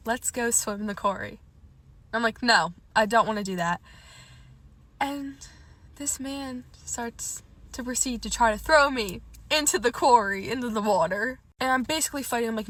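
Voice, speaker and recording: A young woman telling a casual storytime, animated, swearing often and using "like" a lot. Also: on the high side.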